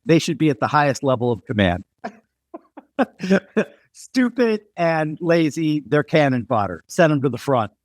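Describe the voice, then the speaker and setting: An American man hosts a casual podcast conversation, with a voice a little on the higher side. He tells stories in a rambling way, often restarting his sentences. The sound is dry and close. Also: big pitch swings, measured pace, long pauses, no room sound. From United States. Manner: rambling storyteller with frequent restarts. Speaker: podcast host.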